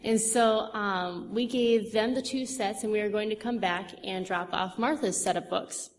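A young woman with a mid-range voice and moderate pace gives a testimony talk to a church audience about her witnessing. She's chatty and rambling, full of fillers and restarts, and the recording has long hall reverb and faint noise.

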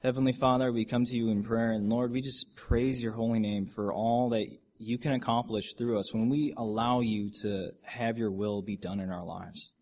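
A man sharing a church testimony alongside his wife and then leading a prayer in a steady, plain way. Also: medium pitch, normal speed, hardly any pauses. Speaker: church speaker.

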